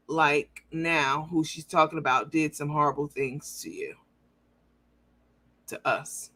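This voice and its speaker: Woman livestreaming, reading comments, bright edgy voice, cussing and calling people out. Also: deep voice, unhurried. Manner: blunt, profane, mocking, emphatic.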